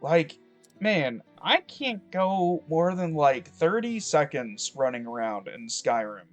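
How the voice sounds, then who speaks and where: A man's voice: a little high, big pitch swings, slow pace, dull audio, faint music behind. A man from Michigan giving casual, rambling let's-play commentary from his rural home, cursing freely and drifting between topics. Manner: rambling, profane, digressive. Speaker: gameplay commentator.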